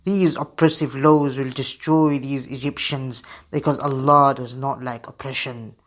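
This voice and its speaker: A man voicing a calm, firm prophet who earnestly admonishes, in a radio story for children. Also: mid-range voice, measured pace, lightly acted. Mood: reassuring.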